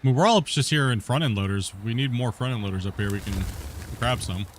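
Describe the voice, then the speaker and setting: A man's voice: mid-range voice, expressive, quick pace, a little hiss or hum. Rambling laid-back male game streamer. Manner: rambling, full of "you know" and "right?"; laughs often, swears casually. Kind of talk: casual gameplay chat.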